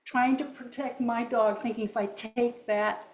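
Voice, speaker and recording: A woman from the congregation giving a personal account in church, animated and a little nervous. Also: a little high, measured pace, rough recording. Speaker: congregation member sharing a story. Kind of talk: personal testimony. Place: church sanctuary.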